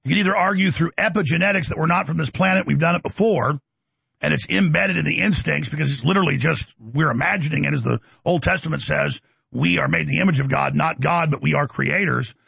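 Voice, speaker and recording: A middle-aged man, hosting a heated, mocking monologue and often shouting. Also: fairly high pitch, fast talker, gravelly, breathy edge, dry recording. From Texas. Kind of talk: ranting monologue.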